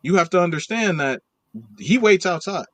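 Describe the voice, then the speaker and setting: Man co-host, emphatic and argumentative, slightly higher voice, dry close sound. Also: expressive, moderate pace, dry recording. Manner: emphatic, argumentative, tags points with "right?". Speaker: podcast co-host. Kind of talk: casual podcast chat.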